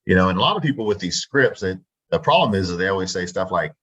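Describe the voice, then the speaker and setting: A man's voice: deep voice, expressive, fast, fairly bright tone, slightly rough, highs cut off. A Texan man, a real estate wholesaler, chatting confidently in an interview and acting out his phone scripts. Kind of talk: casual interview talk.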